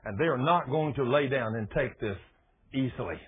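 A man preaching a sermon in a folksy, animated storytelling manner. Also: medium pitch, normal speed, a little hiss or hum. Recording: tinny phone-like radio broadcast.

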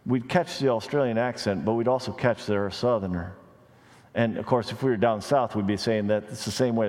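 A man preaching a sermon as a pastor, animated, with wide pitch swings, rising on questions and dropping low for emphasis, with conversational asides and light humor. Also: fairly quick. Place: church sanctuary. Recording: long reverb of a large hall.

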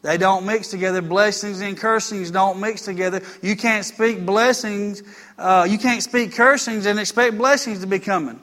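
A man's voice: high voice, normal speed, a bit bright. A man preaching a conversational sermon in church. He speaks in a folksy, repetitive way and tells stories.

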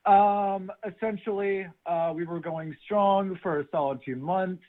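A man's voice: sits high, steady tone, unhurried. A man calling in to an advice show, eagerly recapping a breakup story. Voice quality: eager, chatty, with filler "uh". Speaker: caller. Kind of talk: phone call-in story. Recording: tinny phone line.

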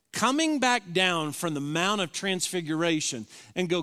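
A man's voice: sits high, very animated, normal speed, few pauses, sharp tone, smooth. A pastor in his fifties preaching a sermon, telling an emotional personal story and reading from an old journal. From Southern US. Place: church sanctuary. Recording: reverberant hall.

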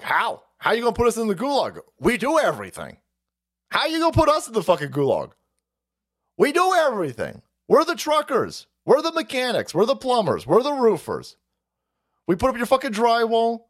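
A man's voice: extremely high pitch, wildly swooping pitch, moderate pace. A man hosting a stream, ranting in a profane, mocking way with frequent laughs. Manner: loud, mocking, foul-mouthed, laughing often. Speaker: streamer host. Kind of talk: profane political rant.

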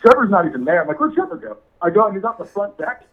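A man's voice: high-pitched, animated, very fast, highs cut off. A man telling a funny story in casual chat, laughing often and saying "dude" a lot. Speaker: podcast guest.

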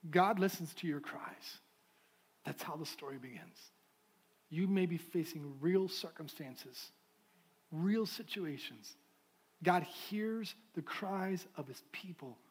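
Pastor, male, high voice, fervent preaching that drops to a soft prayer. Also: slow pace, breathy edge. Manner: impassioned preaching, shifting to soft prayerful tones. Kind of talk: sermon. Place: church sanctuary.

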